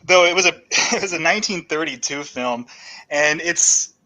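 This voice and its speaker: Man, casual stream chat, animated storytelling, bright voice, fairly high. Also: normal speed, rough recording. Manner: animated storyteller, swears freely. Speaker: stream co-host. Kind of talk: casual chat about old movies.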